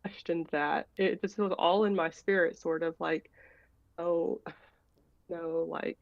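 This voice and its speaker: Gravelly, rambling woman caller. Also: fairly low pitch, fairly even intonation, moderate pace, dry recording. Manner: rambling, hesitant, many fillers and restarts. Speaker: caller asking a question. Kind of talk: casual personal story. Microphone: video call. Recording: dull, dry, lo-fi call audio.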